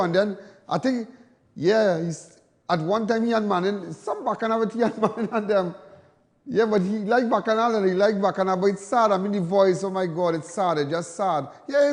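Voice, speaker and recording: A man's voice: high-pitched, long reverb tail. A Trinidadian man hosting live television talk, emphatic, repetitive and defiant. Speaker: TV host.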